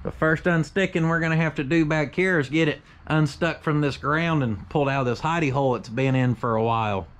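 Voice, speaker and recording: Outdoors behind his workshop near a carport, a shop owner hosts his channel's vlog, joking around in a folksy manner with country slang. His voice is a little high and a little fast, with few pauses and a slight hiss or hum.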